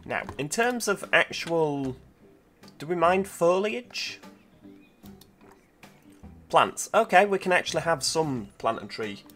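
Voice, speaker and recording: A man giving casual, chatty commentary while playing a zoo-building game, thinking aloud with lots of fillers, over quiet background music. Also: fairly high pitch, big pitch swings, slow pace, pauses often. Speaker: gameplay video host. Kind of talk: casual let's-play commentary.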